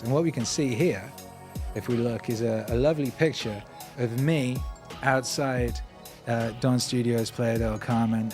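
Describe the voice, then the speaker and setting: A man with an ordinary, mid-pitched voice chats loosely through a livestream, rambling, joking and reading out viewer comments. He talks into a stand microphone in a home studio, with music playing behind him. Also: darkish tone, roomy sound, in a large hall. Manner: loose, rambling and jokey, with playful asides. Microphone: microphone on a stand in front of him.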